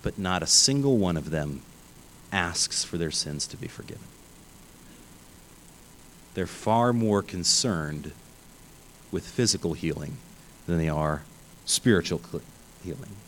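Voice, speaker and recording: A man preaching a sermon, emphatic and animated, often restarting his phrases. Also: deep voice, unhurried, pauses often, a little hiss or hum, low-quality recording. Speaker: pastor.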